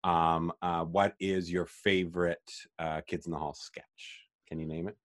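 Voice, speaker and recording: A man's voice: low-pitched, little pitch movement, unhurried, fairly bright tone, dry recording, studio quality. A young man hosting a podcast, chatting casually about films in a rambling way full of fillers and restarts. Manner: rambling, filler-heavy, self-correcting. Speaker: podcast host. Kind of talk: casual film chat.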